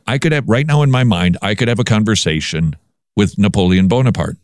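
A man hosting a commentary show who talks in a lively way and often restarts his words. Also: on the low side, a little fast, clean tone, no echo, clean studio sound. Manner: animated, repeats words when restarting. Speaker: podcast host. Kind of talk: casual commentary on news.

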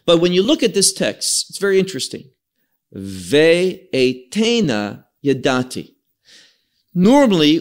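A man teaching an evening Bible study, reading verses aloud, quoting Hebrew words and restarting his phrases. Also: medium pitch.

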